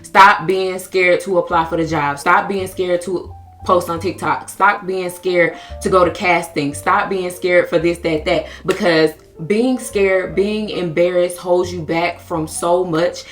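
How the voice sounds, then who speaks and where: In her twenties, this American woman vlogger speaks candidly and earnestly to the camera about her personal affirmations, sounding confessional and emotionally open. Her voice sits on the low side, steady and unhurried, with a slightly bright tone. Soft music plays in the background.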